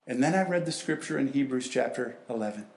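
A guest preacher with a medium-pitched voice delivers a sermon to a congregation in a church sanctuary, speaking fast with lively intonation. He quotes scripture in acted voices, and the hall sounds echoey.

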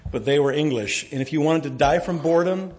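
A man preaching a sermon, telling folksy stories and jokes, his volume swinging from quiet to loud as he gets animated. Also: on the high side, moderate pace. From United States. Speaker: pastor.

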